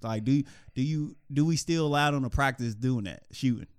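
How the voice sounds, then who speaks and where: A man talks in loose podcast chat, animated and prone to restarting and repeating phrases. His pitch sits in the middle for a man. The recording is dry, with no room sound around him. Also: normal speed, clean tone, dry recording. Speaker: podcast co-host.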